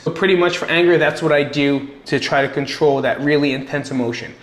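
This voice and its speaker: A man's voice: a little high, a little fast. A middle-aged man giving casual personal advice in a blunt, earnest way, swearing freely and repeating words for emphasis. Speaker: vlogger sharing coping tips. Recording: echoey room.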